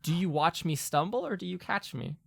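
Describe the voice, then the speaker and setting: A man's voice: sits high, animated, brisk, creaky, dry recording, studio quality. A man playing a tabletop role-play game, chatting casually with many fillers and restarts. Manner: rambling, lots of fillers and laughter.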